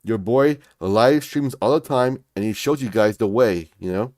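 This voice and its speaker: A man's voice: fairly low pitch, unhurried, darkish tone, dry recording. Pumped-up male livestream host, dry sound. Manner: pumped, repetitive, keeps saying "folks, all right?". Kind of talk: hyped market commentary livestream.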